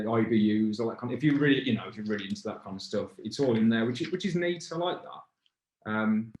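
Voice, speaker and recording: A man hosts a relaxed beer review with a friend. His voice sits a touch low and he rambles, often breaking off to restart a thought. The room around him rings with echo. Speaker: pub beer review host. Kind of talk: casual chat. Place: pub.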